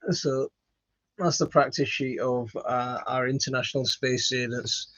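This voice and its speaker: A man's voice: medium pitch, steady tone, measured pace, fairly bright tone, dry recording. A man chatting casually to camera as the host of a home gardening channel, rambling and self-deprecating with many fillers and restarts. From West Yorkshire, England. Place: home studio, indoors. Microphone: phone. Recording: dull lo-fi phone audio.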